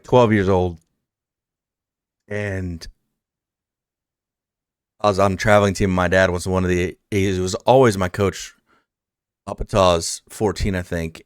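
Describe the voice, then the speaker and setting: A man's voice: low-pitched, clear, resonant tone, dry recording, clean studio sound. A man hosting a casual interview, rambling through a heartfelt story with many fillers. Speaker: podcast host.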